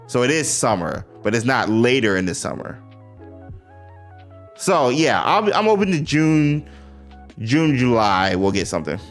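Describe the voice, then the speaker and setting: A young man hosting a casual livestream, greeting chat viewers and pleading with exasperated sighs and laughs. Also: on the low side. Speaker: livestream host. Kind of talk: casual live-stream chat.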